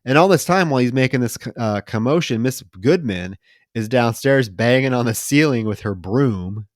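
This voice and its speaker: A man's voice: mid-range voice, animated, moderate pace, no room sound, studio quality. A man co-hosting a podcast, retelling a film's plot casually with mocking, profane asides. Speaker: podcast co-host.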